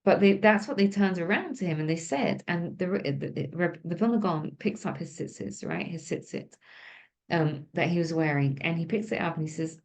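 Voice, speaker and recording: Woman teacher, relaxed lesson, chatty, asks the room. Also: lowish voice, moderate pace. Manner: conversational, asks the group questions. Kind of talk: informal religious lesson.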